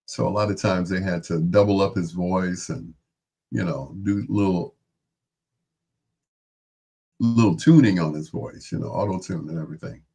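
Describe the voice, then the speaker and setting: A man's voice: deep voice, normal speed, creaky, long pauses, warm tone, breathy edge. A man hosting a late-night music show, talking casually and unhurriedly as he runs through long lists of names. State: out of breath. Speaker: radio host.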